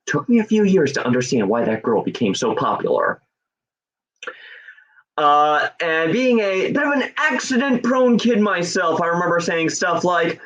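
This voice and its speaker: A man doing a stand-up comedy set, deadpan and hesitant, with many fillers. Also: fairly high pitch, normal speed. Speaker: stand-up comic. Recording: dull lo-fi sound.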